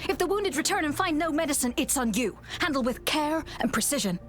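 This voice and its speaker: A harried English supply officer. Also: female voice, high-pitched, animated, a little fast, soft background music. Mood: urgent. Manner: urgent and commanding. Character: harried woman supply officer at a battle camp.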